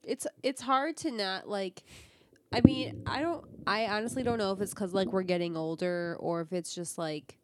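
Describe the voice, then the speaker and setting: A woman's voice: mid-range voice, normal speed, slight background noise. A woman co-hosting a casual podcast, talking in a rambling way with many fillers. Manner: filler-heavy, rambling, laughs easily. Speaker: podcast co-host. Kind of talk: casual chat.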